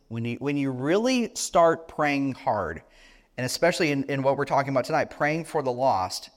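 Earnest middle-aged man preaching. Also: a little high. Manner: earnest, with restarts and rhetorical questions. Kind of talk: sermon.

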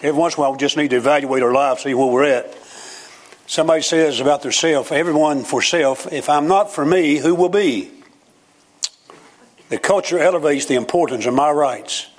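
A man's voice: mid-range voice, fast talker. Older man, preacher, folksy sermon, jokey storytelling, mid-range voice. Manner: folksy, joking storytelling with rising emphatic lines.

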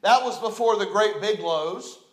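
A man's voice: high voice, unhurried. A middle-aged man with a West Virginian accent preaching a folksy, conversational storytelling sermon in a church sanctuary. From West Virginia, USA. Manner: folksy, conversational, repeats phrases. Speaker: pastor. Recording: roomy church echo.

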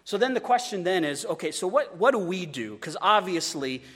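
A man's voice: high voice, sing-song, moderate pace, fairly bright tone, in a large hall. A man preaching a sermon as a pastor, conversational, with stumbling repeats and joking asides.

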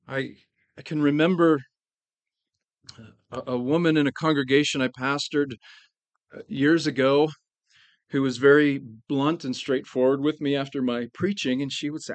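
A man preaching a sermon as pastor, earnest, slowing down to stress key phrases. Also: medium pitch, steady tone, no echo.

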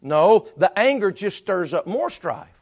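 Animated, high-pitched preaching man. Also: normal speed. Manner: preaching with sudden loud bursts and hushed asides; conversational, repeats words and restarts. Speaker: pastor. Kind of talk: sermon.

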